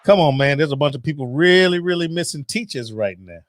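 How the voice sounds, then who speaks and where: A man's voice: on the high side, brisk, a little hiss or hum. A middle-aged man, host of a cooking channel, ranting casually and profanely to camera. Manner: profane, animated, preachy.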